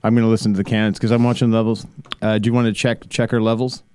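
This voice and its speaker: A man's voice: lowish voice, flat delivery, quick pace, a little mellow, clear, resonant tone, no echo. Playful man hosting a podcast. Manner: playful, joking banter. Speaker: podcast host. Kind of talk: casual podcast chat.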